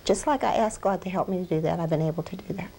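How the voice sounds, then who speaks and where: A woman's voice: lowish voice, fast talker, vocal fry, mellow, slightly rough, rough recording. A woman minister giving a heartfelt, emotional testimony in an interview, earnestly repeating phrases for emphasis. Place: research center.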